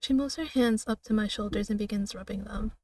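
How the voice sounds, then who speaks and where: A woman streamer reading a narrative game aloud in a slow, dramatic way, now and then breaking off with laughs and asides. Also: mid-range voice, a little mellow, distant mic, slight background noise.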